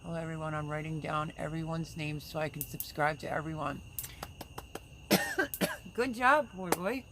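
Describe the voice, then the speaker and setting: A woman with a slightly low voice hosts a relaxed livestream, chatting and reading viewer comments aloud. She sends prayers and well-wishes in a friendly, rambling way. Faint crickets chirp in the background. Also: moderate pace, long pauses, noisy background. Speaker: livestream host. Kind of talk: casual live chat reading comments.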